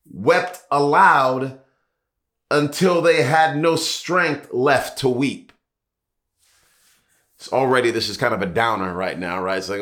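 Bright-voiced male pastor preaching. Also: mid-range voice. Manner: repetitive preaching cadence, rhetorical questions, drawn-out emphasis. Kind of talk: sermon.

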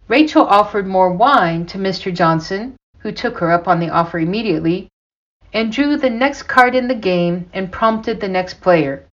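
Woman reading a funny story real slow, muffled lo-fi audio. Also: mid-range voice. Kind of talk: story narration.

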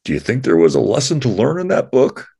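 Someone doing a low raspy puppet elephant, deadpan, big pitch swings, a bit off mic. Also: quick pace, heavily acted. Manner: dry and deadpan. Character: slow, gravelly puppet elephant.

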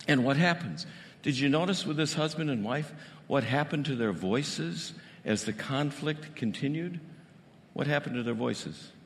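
Male pastor, sermon, animated and conversational, higher-pitched, reverberant hall. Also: a little hiss or hum. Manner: animated, conversational, asks rhetorical questions.

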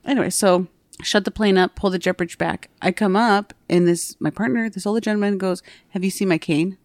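A young woman working as an airport gate agent, telling stories in casual chat, animated and full of "like", acting out what people said. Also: medium pitch, brisk, dry recording, studio quality. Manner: animated, fillers of "like", acts out quotes.

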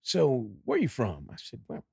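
A middle-aged man from Dallas tells stories as an interview guest, lively and animated. He plays out the voices of other people in his stories. His medium-pitched voice sounds dry and close on the mic. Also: normal speed, vocal fry, slightly rough, no echo. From Dallas, Texas. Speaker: actor, guest. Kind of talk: storytelling interview.

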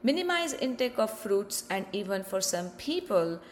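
A woman's voice: mid-range voice, sing-song, normal speed, a little hiss or hum. A woman hosting a health podcast, giving a scripted educational explanation with rhetorical questions to the listener.

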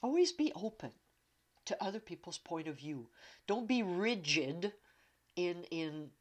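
A woman's voice: fairly low pitch, sing-song, unhurried. A woman from Canada, talking casually and bluntly about self-trust, swearing freely and acting out inner voices. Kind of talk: casual self-help talk.

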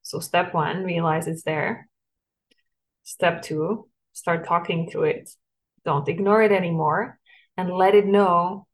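A woman's voice: lowish voice, steady tone, slow pace. A woman hosting a solo parenting podcast, explaining in an earnest, coaching way with frequent light laughs.

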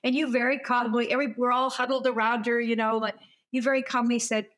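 A woman's voice: a little high, little pitch movement, fast talker, a bit bright. An older woman hosting an interview, telling stories in an enthusiastic, conversational way. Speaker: host.

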